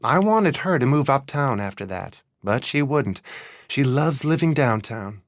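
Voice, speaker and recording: Hörbuch: ein Mann als gelassene, herzliche Frau, leicht höher gesprochen. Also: male voice, medium pitch, very animated, a little slow, no echo, studio quality, voice pushed up. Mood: warm. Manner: warm, reassuring. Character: kind, composed adult woman traveler.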